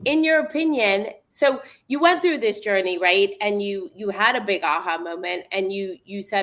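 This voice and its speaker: A woman host with a middle pitch chats enthusiastically and warmly affirms her guest. Her talk is conversational and encouraging. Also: expressive, normal speed, few pauses. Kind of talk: conversational interview.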